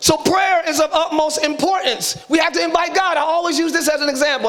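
A man preaching an energetic live sermon as pastor, shouting and hyped, calling on the congregation to respond. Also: very high-pitched, a little fast. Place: large church sanctuary with congregation.

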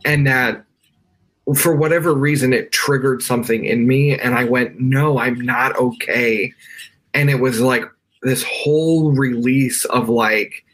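A man's voice: medium pitch, a little slow. American man telling a personal story. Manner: emotional, many fillers and restarts. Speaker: guest. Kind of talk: conversational storytelling. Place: his bedroom at home.

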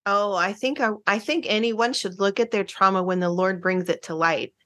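A middle-aged woman speaks as a counselor guest in a relaxed interview. Her voice is mid-pitched, and her talk is chatty and earnest, full of fillers and restarts. She often breaks into a quick laugh. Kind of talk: casual interview chat.

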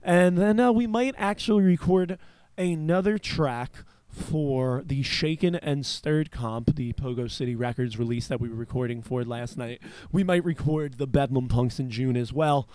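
A man's voice: medium pitch, moderate pace, darkish tone, clear, resonant tone, dry recording. A man hosting a radio show, chatting casually and rambling, with swearing dropped in. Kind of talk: casual chat.

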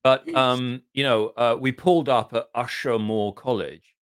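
A middle-aged man from southern England with an English accent, a podcast guest telling long, self-deprecating anecdotes in casual conversation and often clearing his throat. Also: mid-range voice, fairly even intonation, a little slow, no echo, clean studio sound. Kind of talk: casual interview storytelling.

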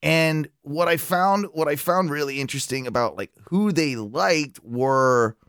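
A man's voice: on the high side, a little slow, a bit bright, clean tone, dry recording, clean studio sound. A man co-hosting a podcast in casual chat, rambling and filling his talk with "like" and repeats. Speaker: podcast co-host.

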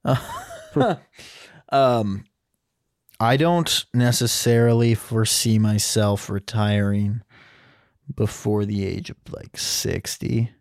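Give me a relaxed young man co-hosting a podcast, a bit low, rambling through fillers. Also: slow, dry recording, studio quality. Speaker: podcast co-host. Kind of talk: casual podcast chat.

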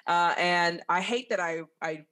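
Guest voice: woman in her thirties, soft Appalachian Southern accent, slightly low, candid and self-deprecating. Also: unhurried. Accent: Southern Appalachian, softened. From northeast Alabama. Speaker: podcast guest, researcher. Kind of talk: casual interview chat.

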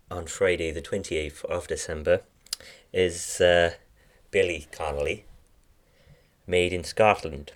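A man co-hosting a podcast in casual chat, joking with deadpan asides. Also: sits low. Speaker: podcast co-host.

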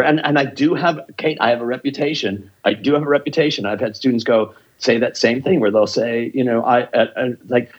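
A man's voice: mid-range voice, quick pace, few pauses, husky, highs cut off. A man who teaches improv, telling stories in a casual interview, passionate and full of swearing. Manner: profane, passionate storytelling.

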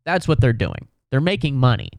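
A man's voice: medium pitch, huge pitch swings, fairly quick, gravelly, a little mellow, no room sound. A man of thirty hosting a podcast alone, ranting sarcastically and profanely about basketball, often slipping into mocking voices. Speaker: podcast host. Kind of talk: solo comedic sports rant.

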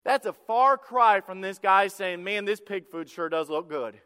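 High, bright-voiced fervent male pastor. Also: moderate pace, smooth, long reverb tail. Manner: fervent preaching that swings between soft and loud. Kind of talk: sermon. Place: church sanctuary.

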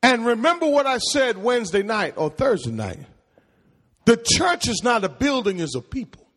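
High, animated preacher in a reverberant hall. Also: male voice, moderate pace. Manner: preaching with rising calls and questions to the congregation. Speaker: pastor. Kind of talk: call-and-response sermon. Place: church sanctuary.

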